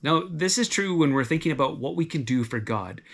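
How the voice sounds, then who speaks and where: A man preaching a sermon, conversational and gently encouraging, full of everyday examples. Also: a little high, lively intonation, brisk. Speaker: pastor.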